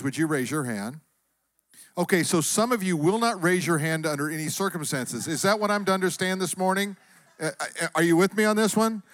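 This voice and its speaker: A man's voice: a little high, dry recording. A male pastor preaching a sermon in a chatty, joking way, telling a story and working the crowd.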